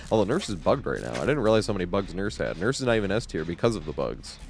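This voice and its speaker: Low-voiced man rambling over gameplay. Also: very animated, fast, gravelly, a little hiss or hum. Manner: rambling, swears a lot, laughs often. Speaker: game streamer. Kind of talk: live-stream gameplay commentary.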